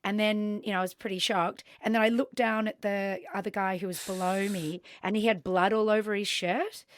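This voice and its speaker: An Australian woman telling a story on a podcast. She talks with plenty of ums and throws herself into voicing the people in it. Her pitch sits in the middle, and the sound is close and dry. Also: fairly even intonation, normal speed, no echo. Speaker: podcast co-host. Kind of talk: casual storytelling chat.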